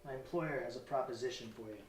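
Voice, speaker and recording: A man's voice: fast talker, slight background noise, natural voice. Male reader as a growly, commanding phone henchman; roomy live-reading sound. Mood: curt. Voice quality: deep, growly. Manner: curt, commanding. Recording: roomy stage sound from far off.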